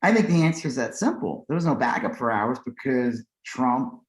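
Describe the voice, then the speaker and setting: A man's voice: mid-range voice, expressive, moderate pace, reverberant, low-quality recording. A man co-hosting a podcast, ranting in heated, profane casual chat about politics. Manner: heated, profane, reads posts aloud. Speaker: podcast co-host.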